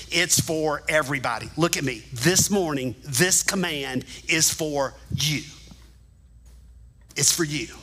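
Male pastor, high bright voice, lively teaching sermon delivered straight to the congregation. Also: poor audio. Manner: animated teaching, direct address to congregation. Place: church sanctuary.

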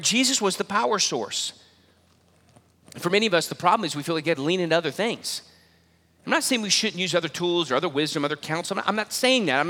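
A man's voice: high-pitched, pushed and bright, in a large hall. A man preaching a sermon, emphatic, repeating key phrases and restarting words as he presses his points. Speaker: pastor.

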